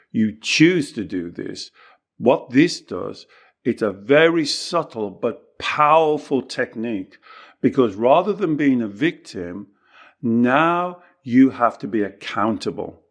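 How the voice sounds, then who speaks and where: A man working as a life coach, explaining ideas emphatically in a podcast conversation and repeating key phrases to drive them home. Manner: emphatic, acts out clients' excuses in a higher voice. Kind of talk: teaching talk in a podcast conversation.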